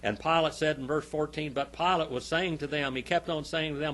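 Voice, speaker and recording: A man teaching a church Sunday school class. He swings between loud, emphatic bursts and quiet asides, and repeats phrases for emphasis. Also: a little high, steady tone, a little fast, slight background noise.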